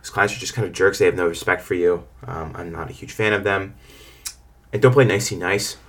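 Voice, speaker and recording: A man's voice: sits low, steady tone, fairly quick, a bit bright. A young man who runs a lawn care business tells stories about clients and gives frank advice in a rambling way. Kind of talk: casual advice monologue.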